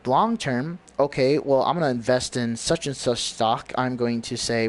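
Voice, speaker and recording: A man's voice: mid-range voice, fairly even intonation, normal speed, few pauses. Rambling, preachy man. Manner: preachy, rambling, searching for words. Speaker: livestream host. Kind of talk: rambling livestream monologue.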